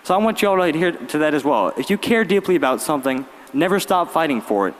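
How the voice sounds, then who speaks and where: A young man, giving a graduation speech as valedictorian with lively storytelling and wry humor. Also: a little high, fast talker, a little hiss or hum. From Virginia, US. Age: late teens. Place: large arena. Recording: long arena reverb.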